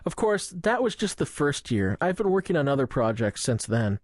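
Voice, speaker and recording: A man's voice: mid-range voice, very animated, moderate pace, no room sound, studio quality. A young man narrating a first-person memoir in a wry, self-mocking, conversational way. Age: young adult. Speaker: audiobook narrator.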